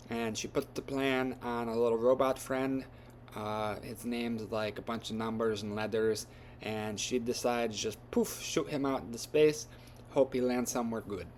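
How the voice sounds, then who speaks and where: A man's voice: mid-range voice, steady tone, moderate pace, a little mellow, a little hiss or hum. A man retelling a story from memory in a casual, rambling way with loose grammar and lots of fillers.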